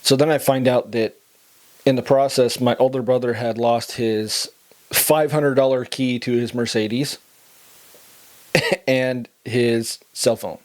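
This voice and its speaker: Speaking slowly in a steady, medium-pitched voice, this middle-aged podcast host earnestly recounts his own story and performs the quoted lines of the people involved.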